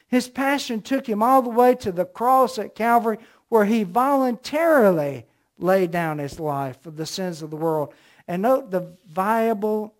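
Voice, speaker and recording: Middle-aged man, Southern accent, high voice, emphatic sermon delivery. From American South. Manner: emphatic, storytelling preacher with rising emphasis. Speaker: preacher.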